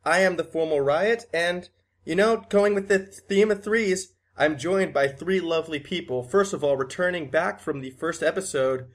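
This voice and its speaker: A man's voice: a little high, moderate pace. An American man hosting a casual podcast, playful and self-mocking. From USA. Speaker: podcast host.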